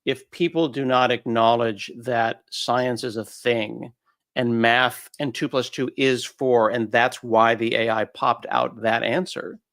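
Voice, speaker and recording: A man in a casual interview, talking in an animated way and slipping into quick put-on voices for quoted people. His voice sits at a middle pitch. The sound is close and dry, with no room around it. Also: dry recording. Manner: animated explainer who acts out quoted voices. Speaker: guest. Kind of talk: conversational interview.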